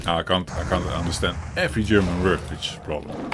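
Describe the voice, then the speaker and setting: A man with a Dutch accent talks in an easygoing, rambling way, chuckling often, restarting his sentences and swearing now and then. His voice sits a little low. Keyboard typing and steady noise run beneath the recording. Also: fast. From Netherlands. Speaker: co-host of a gaming chat show. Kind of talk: casual chat. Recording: audible typing and background noise.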